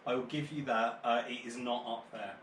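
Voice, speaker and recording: A man's voice: mid-range voice, fairly even intonation, moderate pace, a bit bright. A man co-hosting a whisky tasting podcast, teasing and stubborn in the banter, tripping over his words. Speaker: podcast co-host running the blind tasting. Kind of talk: casual whisky tasting chat. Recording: distant camera mic in echoey room with faint noise.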